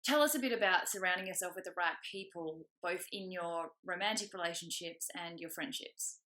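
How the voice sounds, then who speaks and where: A woman's voice: lowish voice, fairly quick, bright, forceful tone, low-quality recording. A woman hosting a casual interview, asking long, chatty questions. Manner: chatty, rambling questions with fillers. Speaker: interview host.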